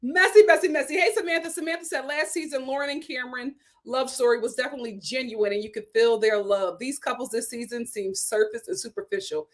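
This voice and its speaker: A young adult woman hosting a casual livestream, reading viewer comments aloud in a chatty, animated way and laughing often. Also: a little high, brisk, few pauses. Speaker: YouTube show host reading super chats.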